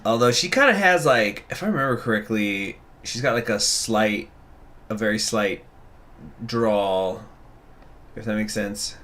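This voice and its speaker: A man's voice: on the low side, a little slow, fairly bright tone. A man streaming a narrative game, chatting casually and self-deprecatingly into a desk microphone. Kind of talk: casual livestream commentary.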